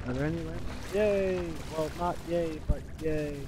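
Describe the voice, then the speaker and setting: A young man commentating his own game playthrough, excitable and swearing, shouting at the screen. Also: a little high, a little slow, background noise. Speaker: gaming video host. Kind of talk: let's play commentary.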